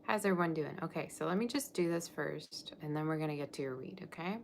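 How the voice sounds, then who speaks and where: A woman's voice: low-pitched, fast, gravelly, a little hiss or hum. A woman tarot reader chatting casually on a live stream, scattered and often interrupting herself.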